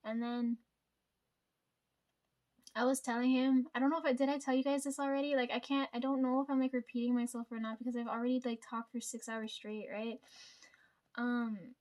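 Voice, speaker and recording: A woman's voice: fairly high pitch, level tone, a little fast, pauses often, darkish tone. A woman telling a story to her viewers in a casual chat, rambling, swearing freely and filling her talk with "like" and "right?". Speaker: vlogger.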